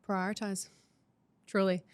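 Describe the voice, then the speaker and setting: Animated Australian woman, dry close sound. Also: medium pitch, a little slow, smooth, no room sound. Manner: animated storyteller, acts out quotes. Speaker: podcast guest. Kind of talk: casual chat.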